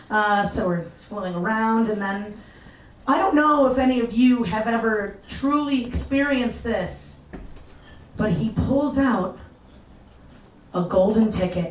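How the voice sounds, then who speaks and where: Woman doing a raunchy live story, laughing a lot, echoey room, bit far from the mic. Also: medium pitch. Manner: animated, crude and self-mocking, laughing through punchlines.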